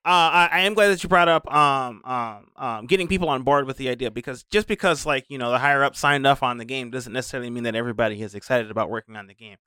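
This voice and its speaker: A man co-hosting a podcast, chatting in a friendly, slightly halting way. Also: mid-range voice, pushed and bright, smooth. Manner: friendly, quick, a bit halting. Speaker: podcast co-host. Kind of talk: casual podcast chat.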